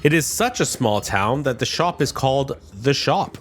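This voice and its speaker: A man's voice: medium pitch, lively intonation, moderate pace, fairly bright tone, a little hiss or hum. A man narrating a tabletop game as game master in a playful way, laughing often.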